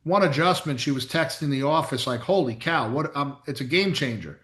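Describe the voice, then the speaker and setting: A middle-aged chiropractor co-hosts a casual podcast chat in an echoey room, telling blunt, emphatic stories with some mild swearing. His voice is fairly high with lively intonation, a brisk pace and a fairly bright tone.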